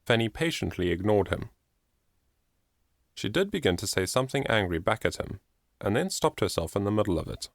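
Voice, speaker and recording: A man narrates an audiobook, telling the scripted story in an expressive way. His voice sits lowish, and the studio-quality recording is dry.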